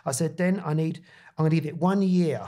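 A man's voice: a little high, brisk, warm tone. A man hosting a podcast, talking in an emphatic, insistent way. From London. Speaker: podcast host and artist. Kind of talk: casual podcast chat.

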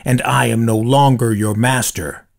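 A man's voice: medium pitch, steady tone, a little slow, gravelly. A man voicing a stern, commanding older male red panda kung fu master in a storybook reading.

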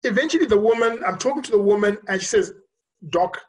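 A physician giving a virtual conference talk, recounting a personal story in a reflective, earnest way with frequent pauses. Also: mid-range voice, poor audio. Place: remote recording for a virtual conference.

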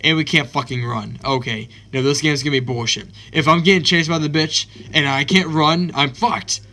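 A man hosting a let's play of a horror game, excitable and swearing constantly, yelping at scares. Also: fairly high pitch, normal speed. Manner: excitable, swears constantly, yelps when startled. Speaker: gaming channel host.

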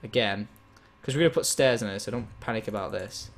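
A man chatting casually as he plays a game, explaining and getting excited as he goes. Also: fairly low pitch, brisk, slight background noise. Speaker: gaming host. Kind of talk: casual chat while gaming.

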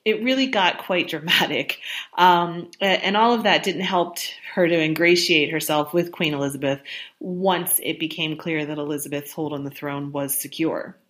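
A woman with a somewhat low voice narrates history for her podcast. She keeps it conversational and sympathetic, pausing on ums and correcting herself as she goes. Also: fairly bright tone. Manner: chatty, sympathetic storytelling with ums and self-corrections.

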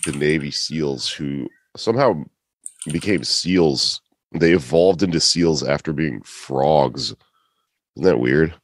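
A man's voice: very deep voice, slow, dry recording. A man hosting a casual comedy podcast, joking around with his co-hosts in an American accent. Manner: joking, playful, slips into silly voices. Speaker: podcast host.

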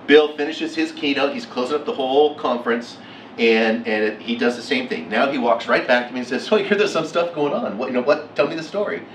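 A middle-aged man giving a keynote talk, telling a story with lively acted-out quotes. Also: mid-range voice, a little fast, a little hiss or hum. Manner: animated, acts out quotes with laughs. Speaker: keynote speaker. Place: lecture hall. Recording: echoey hall from far off.

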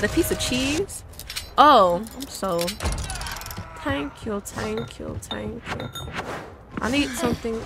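A woman giving chatty gameplay commentary, talking straight to her viewers with bursts of mock outrage. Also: mid-range voice. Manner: dramatic outbursts of mock outrage. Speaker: gaming YouTuber. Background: game music.

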